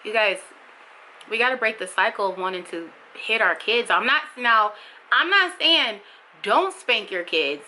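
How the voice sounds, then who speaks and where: A woman's voice: lively intonation, a little slow, rough recording. A young adult woman vlogging candidly, talking with strong feeling and repeating herself for emphasis. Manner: impassioned, emphatic, repetitive for emphasis; bursts high and loud when mimicking others. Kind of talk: candid vlog monologue.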